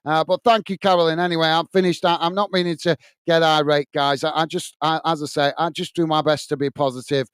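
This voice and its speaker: High-voiced chatty man hosting a watch-along. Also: flat delivery, brisk, few pauses, fairly bright tone, clear, resonant tone, no room sound. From England. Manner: chatty, restarting often with fillers, earnest. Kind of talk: live match commentary and chat. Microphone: headset earpiece.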